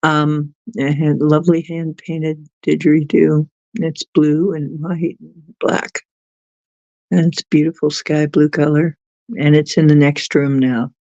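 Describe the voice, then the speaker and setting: Slow giggly streamer chatting with chat, muffled dry mic. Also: mid-range voice, little pitch movement, warm tone, dry recording. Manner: giggly, chatty, laughs often. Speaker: livestream host reading chat. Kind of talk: casual chat with viewers.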